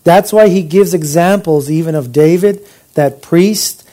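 A man teaches scripture in a relaxed, conversational way with a mellow, darker tone. He keeps asking his listeners rhetorical questions and sometimes restarts his sentences. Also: a little high, a little slow. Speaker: Bible teacher. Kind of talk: informal Bible teaching.

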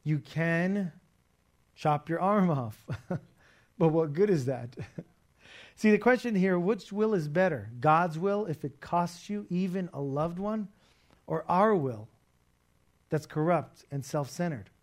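Male preacher, conversational and animated delivery, fairly high pitch. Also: takes it slowly, pauses often. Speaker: pastor. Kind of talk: sermon.

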